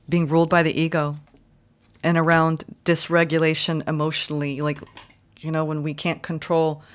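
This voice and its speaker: A woman giving a spiritual tarot reading in a soft, gentle, affirming way. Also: deep voice. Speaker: tarot reader.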